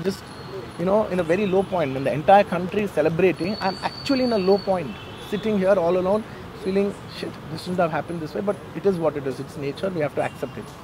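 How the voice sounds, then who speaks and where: A man's voice: high voice, noisy background. A man giving an earnest, emotional statement to reporters, often repeating himself. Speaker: film actor speaking to the press. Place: outdoor garden during a press meet.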